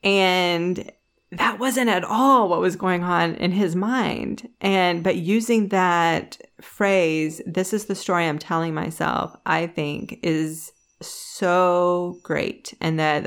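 A woman with a slightly low voice co-hosts a casual podcast chat. She tells stories at length and slips into lively quoted voices, often restarting her sentences. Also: clean tone. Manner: storytelling, animated when quoting others; frequent restarts and laughs. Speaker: podcast co-host.

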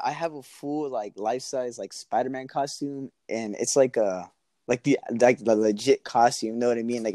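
A man's voice: mid-range voice, darkish tone, dry recording. A young man telling a story in a casual, slangy way and laughing often. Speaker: guest.

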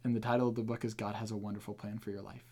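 A man's voice: on the low side, flat delivery, rapid-fire, darkish tone. A man hosting a podcast and teaching on the Bible in an earnest, emphatic, casual way.

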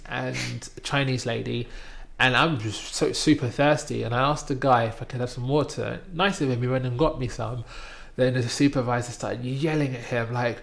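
A man's voice: medium pitch, vocal fry. A man from Britain casually telling a personal travel story in conversation, acting out other people's lines with raised voices. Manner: animated storytelling, acting out quoted voices loudly. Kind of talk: casual chat, anecdote.

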